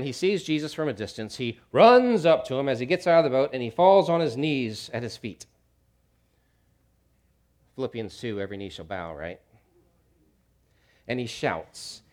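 A man preaching a sermon, swinging from hushed low lines to loud shouts, with jokey asides. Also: lively intonation, moderate pace, long pauses. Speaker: pastor.

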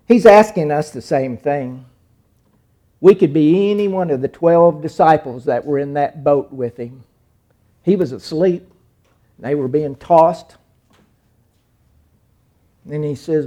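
Dark-voiced man preaching a dramatic sermon. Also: on the high side, expressive, a little slow, pauses often. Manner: dramatic, acts out quoted figures with sudden loud cries and hushed lines.

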